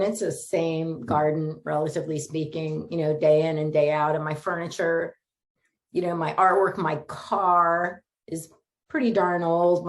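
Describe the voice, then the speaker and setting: A middle-aged woman minister from Florida, giving a chatty, conversational sermon full of stories, fillers and little laughs. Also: on the low side. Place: Sunday spiritual gathering streamed online.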